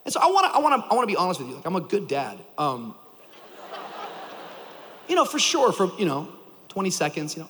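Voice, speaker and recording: A man in his thirties preaching a sermon to a church crowd, telling a story with lively energy and shouting for emphasis. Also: high-pitched, moderate pace, long pauses, in a large hall. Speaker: pastor.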